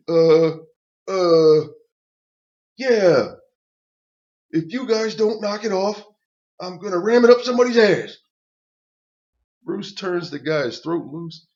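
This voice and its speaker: A man's voice: medium pitch, muffled recording. An older man telling a personal story as a casual, profane rant, blunt and stammering through restarts.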